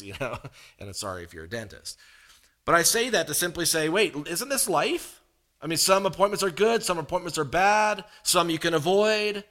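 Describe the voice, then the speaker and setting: A man's voice: medium pitch, bright, forceful tone. A man preaching a sermon, telling a long personal story with humor and animation.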